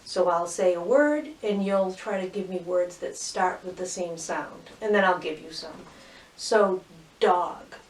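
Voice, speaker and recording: A woman teaching a phonics lesson to young children, cheerfully sounding out words and syllables slowly and clearly. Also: on the low side, far from the mic. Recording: roomy echo, voice from off mic.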